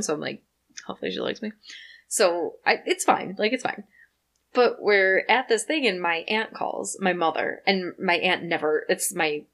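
A woman co-hosting a podcast, chatting casually and telling stories in an animated way. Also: lowish voice. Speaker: podcast co-host. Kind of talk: casual chat.

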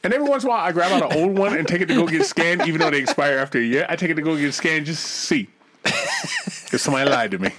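A middle-aged man in casual chat, telling profane, animated stories and acting out the people in them. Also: on the high side, racing, background noise.

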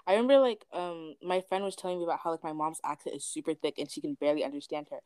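Young woman, quick storyteller, lowish voice, dry recording. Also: fairly even intonation, a little mellow, smooth, dry recording. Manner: quick storytelling with acted quotes. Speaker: discussion prompt reader. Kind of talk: casual conversation.

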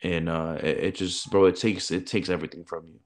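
Man, very low voice, loose profane chat, says bro a lot, podcast co-host. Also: steady tone, fairly quick. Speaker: podcast co-host, former military recruiter. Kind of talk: casual chat.

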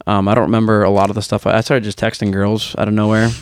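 A man's voice: on the low side, level tone, fast talker, no echo. Rambling, foul-mouthed young man. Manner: rambling, profane storytelling. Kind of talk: casual chat.

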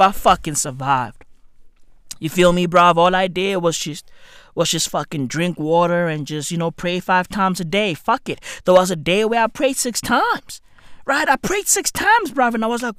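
A man's voice: sits high, fairly bright tone, no room sound. Guy ranting for laughs, swears a ton, loops back on himself, dry close sound. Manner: profane, rambling, slang-heavy, repeats himself. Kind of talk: comedic rant to camera.

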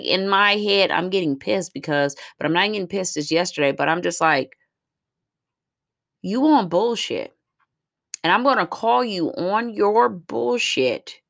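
Low raspy-voiced woman ranting in her vlog, swears a lot, dry close sound. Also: a bit bright, dry recording. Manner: blunt, profane, rambling with many fillers. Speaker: mother vlogging about her day. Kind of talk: casual venting monologue.

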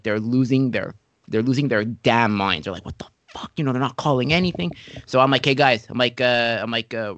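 This podcast host has a medium-pitched voice and leads a casual interview, telling stories with animation and acting out the quotes. There's no room sound on the recording.

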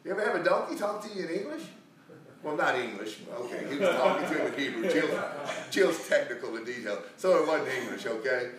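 A man's voice: on the high side, lively intonation, fairly quick, crowd noise. A man telling a Bible story in a casual, rambling sermon, full of restarts and acted-out quotes. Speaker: preacher. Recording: echoey room, recorded from a distance.

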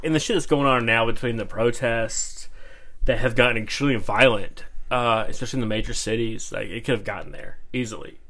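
A man's voice: mid-range voice, a little fast, fairly bright tone. Loose, swearing podcast guy. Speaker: podcast co-host. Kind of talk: casual chat.

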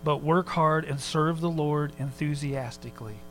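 A man preaching a sermon in a relaxed, conversational way, telling a personal story with quick asides. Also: on the high side, slight background noise, low-quality recording. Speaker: pastor.

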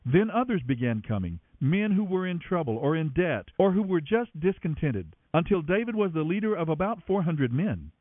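A man reading scripture aloud as a radio program host, with dramatic, expressive narration. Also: on the high side, moderate pace, few pauses, no room sound. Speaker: Bible reader. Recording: tinny narrow-band radio, dry.

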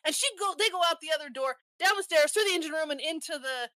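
Bright high woman recapping a movie. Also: fast, no room sound. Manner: retells scenes step by step with restarts. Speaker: podcast co-host.

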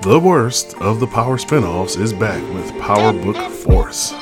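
Male podcast host with a deep voice who gives opinionated, casual reviews. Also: expressive, unhurried, music in the background. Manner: blunt, opinionated, chatty.

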